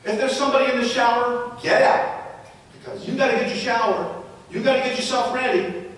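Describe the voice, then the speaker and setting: Male presenter, higher-pitched, storytelling talk to parents and teachers, distant mic in a reverberant hall. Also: brisk, a bit bright. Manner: storytelling with rhetorical questions. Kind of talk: live public talk to parents and educators. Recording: echoey hall, distant mic, faint rumble.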